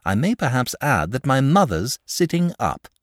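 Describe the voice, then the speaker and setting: A man voicing an eager, blunt village boy who talks briskly and impatiently, in a storybook reading. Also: mid-range voice, sing-song, no echo, clean studio sound, voice pushed up, natural voice.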